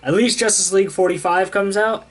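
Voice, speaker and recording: A man's voice: high-pitched, steady tone, brisk, slight background noise. A young man, a comic book reviewer, casually recapping a story and paraphrasing the characters' lines as he goes. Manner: casual, retells scenes with "he's like" paraphrases.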